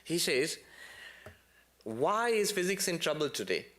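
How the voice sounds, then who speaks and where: Guy giving a temple talk, fairly high voice that jumps way up when he stresses stuff, chatty storyteller. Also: unhurried. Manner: lively storytelling with sudden high, emphatic peaks and playful asides. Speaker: monk giving a spiritual lecture. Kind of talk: lecture to a temple congregation.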